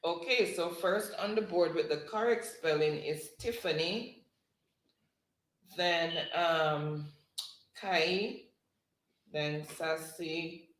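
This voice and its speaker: A woman hosts a livestream, reading out viewers' chat messages and calling spelling words slowly, word by word. Her delivery is unhurried and steady. The sound is roomy, with a noticeable echo around her voice. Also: on the low side. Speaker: livestream host. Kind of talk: reading live chat and hosting a spelling game.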